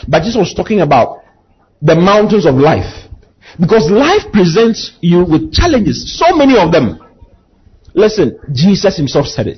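A man preaches a sermon with a husky edge and a lively, rising and falling pitch. He throws questions out for the congregation to answer and climbs into emphatic passages. The recording sounds muffled and lo-fi. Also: moderate pace. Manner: call-and-response preaching, rising to impassioned emphasis. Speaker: pastor.

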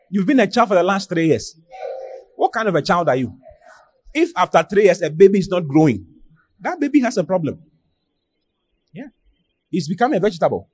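A man's voice: high voice, a little mellow, slightly rough. A man preaching a sermon, emphatic, repeating phrases and firing rhetorical questions at the congregation. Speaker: pastor.

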